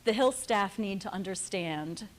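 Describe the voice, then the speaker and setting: A woman's voice: mid-range voice, animated, a little slow. Earnest woman telling a personal story. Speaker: panel speaker. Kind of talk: prepared panel talk.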